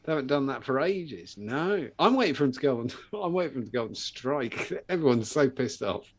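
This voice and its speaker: A British man hosting a live vape show, chatting casually and telling sweary, lively stories and acting out the people in them. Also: medium pitch, brisk, slightly rough. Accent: British English. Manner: sweary storytelling, acting out other people's voices. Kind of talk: casual chat.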